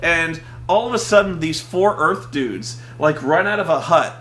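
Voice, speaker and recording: High-voiced man ranting about a movie. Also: lively intonation, measured pace, bright, forceful tone. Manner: profane, mocking, acts out scenes in silly voices. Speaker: vlog co-host. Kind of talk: animated casual movie rant.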